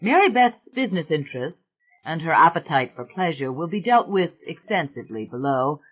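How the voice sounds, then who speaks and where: A man reading an audiobook in a measured, formal narration. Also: a little high, sing-song. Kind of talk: scripted narration. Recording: tinny, phone-like sound.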